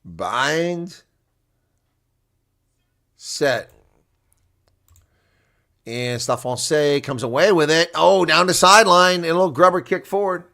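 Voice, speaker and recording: Excitable bright-voiced male rugby commentator. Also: fairly high pitch, fairly quick, gravelly, few pauses. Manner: chatty, addresses viewers as folks, bursts into loud excitement on big plays. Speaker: live watch-along rugby commentator. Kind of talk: live reaction play-by-play commentary. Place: home setup streaming a reaction broadcast.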